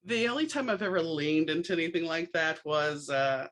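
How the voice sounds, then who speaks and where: Bright-voiced woman telling wry stories. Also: deep voice, normal speed. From New Orleans, USA. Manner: animated storyteller, acts out dialogue with wry asides. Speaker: podcast host. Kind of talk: casual storytelling chat.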